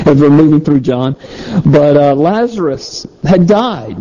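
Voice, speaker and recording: Slow, emphatic male pastor preaching. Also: a little high, warm tone, muffled recording, slight background noise. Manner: slow, emphatic, repeats key phrases. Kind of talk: sermon.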